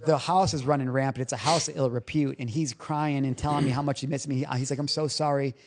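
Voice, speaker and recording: Talking fast with a steady tone and medium pitch, a man shares his personal story in a podcast interview. He's a recovery coach guest, frank and emotional, with casual profanity.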